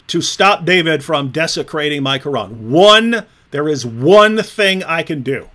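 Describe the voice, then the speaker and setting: Sarcastic male co-host of an online discussion, talks mockingly in a fairly high voice. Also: lively intonation, a little slow, hardly any pauses, fairly bright tone.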